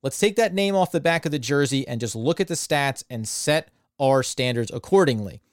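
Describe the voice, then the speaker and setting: A man hosting a basketball podcast, talking in a smooth, upbeat and fluent way. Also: medium pitch, lively intonation, moderate pace, dry recording, clean studio sound. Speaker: podcast host, basketball analyst. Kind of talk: casual sports podcast chat.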